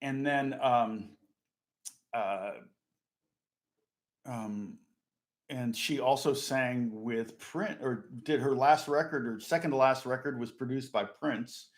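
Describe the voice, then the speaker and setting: A man's voice: medium pitch, slow, long pauses. A middle-aged man, a session guitarist, chatting casually and rambling through stories with lots of fillers and restarts. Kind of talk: casual chat.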